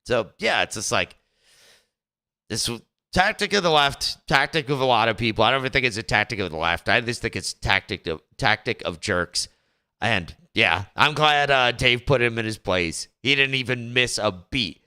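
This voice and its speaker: A man co-hosting a casual talk show, telling stories in a lively way and acting out heated arguments. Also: mid-range voice, moderate pace, clear, resonant tone. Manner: animated storytelling, acts out quoted arguments loudly. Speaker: co-host.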